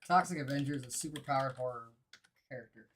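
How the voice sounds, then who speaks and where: A woman's voice: extremely low pitch, fast talker, slightly rough. A woman co-hosting a livestream in casual chat, laid-back and teasing, often laughing. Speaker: livestream co-host.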